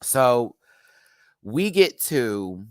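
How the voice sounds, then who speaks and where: Animated man ranting, dry close sound. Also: very slow, clean tone, no echo. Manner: animated, acts out quotes with big pitch jumps. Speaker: YouTube host. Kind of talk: casual storytelling rant.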